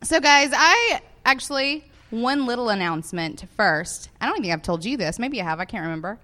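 A chatty woman with a Southern US accent co-hosting a podcast in front of a live audience. She talks in an animated, easy way and laughs often. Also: a little high, normal speed. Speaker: podcast co-host. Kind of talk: casual podcast chat before a live audience.

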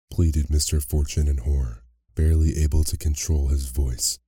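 A man narrating a bedtime story in a soft, unhurried way. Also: rumbling low, fairly even intonation, husky, no room sound, clean studio sound. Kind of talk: slow bedtime story reading.

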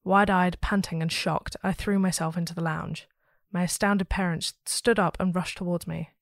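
Woman reading out a spooky story, lowish voice, dry close sound. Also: moderate pace, no echo. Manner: steady, expressive storytelling. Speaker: story podcast host. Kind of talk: reading a listener's ghost story aloud.

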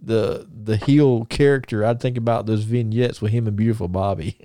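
Mellow-voiced man telling stories casually. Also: on the low side, fairly even intonation, moderate pace, no room sound, studio quality. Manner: rambling storyteller, many restarts and chuckles. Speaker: podcast co-host. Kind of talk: casual chat.

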